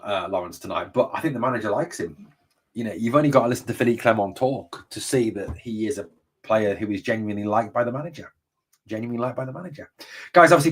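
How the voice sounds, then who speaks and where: Blunt, sweary man, husky voice. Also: medium pitch, far from the mic. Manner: blunt and swears freely, says "mate" and "obviously" a lot. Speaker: host of a fan channel. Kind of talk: live stream chat reading comments.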